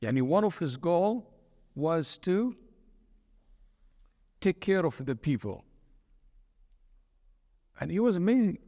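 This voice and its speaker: A man serving as imam, giving a sermon and telling stories in an animated way, with Arabic terms and quotes mixed into his talk. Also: fairly high pitch, takes it slowly, pauses often, studio quality. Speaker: imam and teacher. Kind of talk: sermon lecture with storytelling. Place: mosque hall. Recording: long hall reverb.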